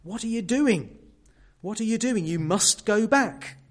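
A man voicing an earnest young male hero in a sermon retelling, raising his voice to an urgent, pleading pitch. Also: very animated, a little slow, a little mellow.

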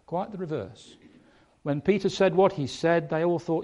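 A man preaching a sermon, emphatic, stressing points by changing his loudness and pace. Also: fairly high pitch, moderate pace.

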